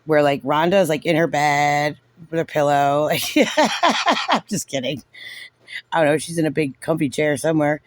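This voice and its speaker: A man's voice: fairly high pitch, steady tone, moderate pace, dry recording. A man giving casual, sarcastic and frustrated reaction commentary on a recorded meeting, saying "like" constantly. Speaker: parent reviewing a recorded meeting.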